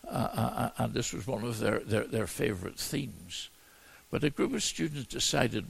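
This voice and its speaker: A man teaching through a Bible passage as a preacher, in a halting way full of repeated words and restarts. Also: mid-range voice, lively intonation. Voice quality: gravelly, husky voice.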